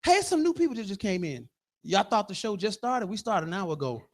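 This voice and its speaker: A man in his fifties performing live stand-up comedy in a bar, loud and animated, acting out characters as he goes. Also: high voice, brisk. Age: 50s. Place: bar stage.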